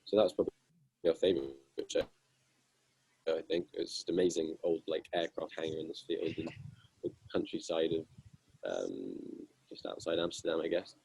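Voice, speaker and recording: A young man with a husky voice, telling self-deprecating band stories with lots of fillers in a casual interview. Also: a bass voice, moderate pace, a little mellow, low-quality recording. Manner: self-deprecating, amused, rambling with many fillers. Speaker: guitarist guest.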